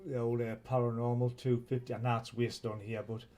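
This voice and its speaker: A man's voice: medium pitch, level tone, a little fast, warm tone, muffled recording. A man with a Northeast English accent, hosting a casual live stream and bantering with viewers in a rambling, teasing way. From Northeast England.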